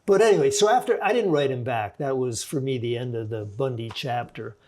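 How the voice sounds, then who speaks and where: A forensic psychologist and author, a man in his sixties, tells a story in a podcast interview with a reflective, measured delivery and many restarts. His voice is mid-range and a little mellow.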